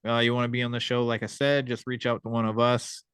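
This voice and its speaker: Male podcast host, relaxed and filler-heavy, smooth voice, dry booth sound. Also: mid-range voice, fast talker, no echo. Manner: laid-back, filler-heavy. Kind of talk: casual chat.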